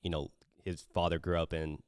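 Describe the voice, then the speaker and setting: A man hosting a podcast, talking in a relaxed, supportive way with fillers between his guest's stories. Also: sits low, fairly quick, smooth, no echo, studio quality. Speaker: podcast host. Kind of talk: casual interview talk.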